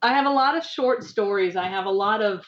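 A woman's voice: mid-range voice, fairly quick. American woman on a muffled call. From United States. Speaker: guest, pilgrim. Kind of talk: casual interview chat.

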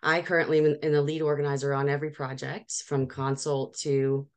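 A woman in her forties talks through her business story as an interview guest, laughing often and restarting her sentences. Her voice sits low for a woman. She sounds lively and eager to share. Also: a little fast, clear, resonant tone. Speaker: professional organizer, guest. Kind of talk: casual interview chat.

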